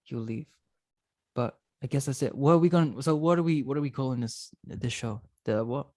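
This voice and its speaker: A young man chats and jokes his way through a casual podcast, quick with silly ideas. His voice sits in the middle range. The sound is dry and close, with no room echo. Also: medium pitch, darkish tone. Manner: joking, playful, chatty. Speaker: podcast co-host. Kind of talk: casual chat.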